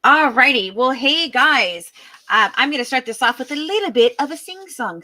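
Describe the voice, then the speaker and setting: High-voiced chatty woman at home. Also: animated, moderate pace, bright, forceful tone, faint music behind. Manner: chatty, easily distracted, apologetic. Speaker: true crime live-stream host. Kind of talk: casual live-stream chat. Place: home with dogs barking. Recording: noisy home, dogs barking. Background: dogs barking.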